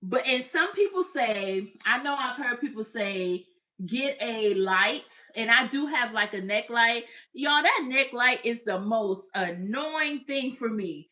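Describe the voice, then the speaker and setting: A woman's voice: a little high, lively intonation, unhurried, few pauses, sharp tone. A woman hosting a casual crochet livestream, chatting with viewers, reading out their comments and laughing often.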